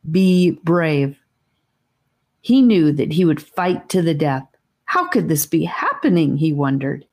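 A woman reading a fantasy audiobook aloud in a calm, measured storytelling manner. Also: low-pitched. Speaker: audiobook narrator. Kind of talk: audiobook narration.

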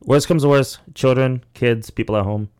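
In a clear, resonant, slightly mellow voice of medium pitch, a young man hosts a podcast at a normal pace. His casual talk runs to long, rambling stories laced with profanity and lots of "like" and "you know."

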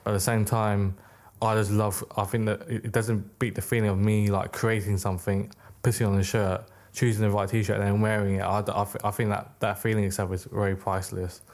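A man's voice: lowish voice, little pitch movement, a little fast, a little mellow. A young man, a podcast guest chatting casually, rambling with lots of "like" and restarts. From United Kingdom. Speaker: podcast guest, clothing brand maker. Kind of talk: casual interview chat.

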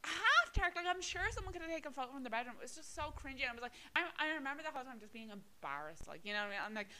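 A woman's voice: high-pitched, very animated, very fast, pushed and bright, rough recording. A young Irish woman co-hosting a podcast, chatting casually, swearing a lot and filling her talk with "like" and "right?". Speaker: podcast co-host. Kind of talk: casual chat.

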